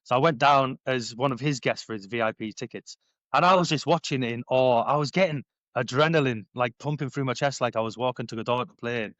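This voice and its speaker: A man in his thirties, a former paratrooper, telling his story in a casual podcast interview, animated and acting out quoted dialogue. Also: medium pitch, fast, no room sound, muffled recording. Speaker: podcast guest, former paratrooper and bare knuckle fighter. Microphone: headphones on, sitting at a podcast mic.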